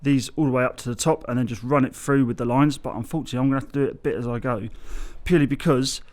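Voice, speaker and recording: This bricklayer vlogger speaks rapid-fire in a medium-pitched, slightly mellow voice while explaining his bricklaying outdoors on a building site. Chatty and casual, he often drifts off track and self-corrects.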